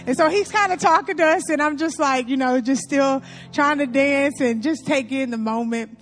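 A woman from Louisiana telling a funny story to an audience, animated, laughing often and calling her listeners y'all. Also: high-pitched, moderate pace, few pauses, soft background music.

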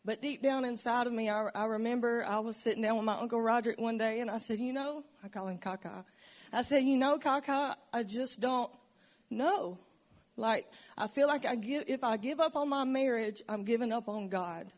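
A woman's voice: a little high, normal speed. Woman giving an earnest church testimony. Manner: earnest, emotional, reflective storytelling. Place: church sanctuary.

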